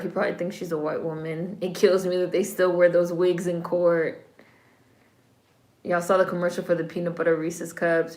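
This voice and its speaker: A woman's voice: lowish voice, echoey room. A woman giving casual commentary while watching a film, chatty and wry, with slang asides. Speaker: film reaction vlogger.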